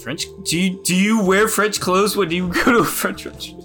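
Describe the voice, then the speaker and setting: A man's voice: high-pitched, steady tone, moderate pace, bright, forceful tone, soft background music. A man playing in a casual tabletop game, full of questions and laughter, often stumbling over his words. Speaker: player.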